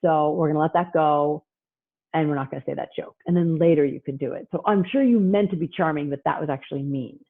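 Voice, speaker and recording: A woman presenting on parenting in a casual talk over a video call, chatty and acting out parents and kids in quick asides. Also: low voice. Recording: tinny phone-like line.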